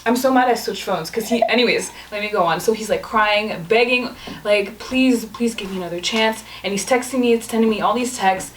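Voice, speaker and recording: A young adult woman, a guest on a talk show, telling a dating story in casual, animated chat and acting out the pleading messages she got. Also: mid-range voice, fairly quick, roomy sound, far from the mic, noisy background. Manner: animated, acts out the man's pleading texts.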